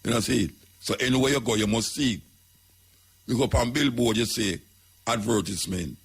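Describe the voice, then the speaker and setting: A man's voice: mid-range voice, a little fast, slightly rough. A man with a Jamaican accent, talking as a radio host in an emphatic, preaching way, repeating his points. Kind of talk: talk radio commentary.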